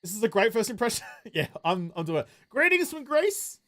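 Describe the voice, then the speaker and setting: A man's voice: sits high, very animated, a little fast, sharp tone. A man with an Australian accent, chatting casually and jokily with his live-stream audience as he plays a game, rambling and throwing in slang and the odd swear.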